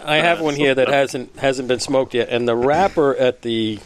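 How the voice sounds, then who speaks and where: A man's voice: mid-range voice, moderate pace, a little hiss or hum. A man co-hosting a podcast, chatting casually and searching for his words. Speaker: podcast co-host. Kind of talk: casual chat.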